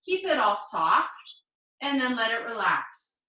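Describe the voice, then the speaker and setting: A woman teaching a live online yoga class, cueing poses gently and encouragingly with playful asides. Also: on the high side, sing-song, slow pace, reverberant, distant mic, rough recording. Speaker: yoga instructor. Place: home room, on a video call.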